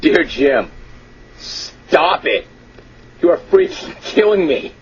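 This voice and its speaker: A brash radio talk show host with a slightly high voice, amused and mock-exasperated as he reads listener emails. The sound is dull and lo-fi, like an old radio broadcast. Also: very animated, slow pace. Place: radio studio.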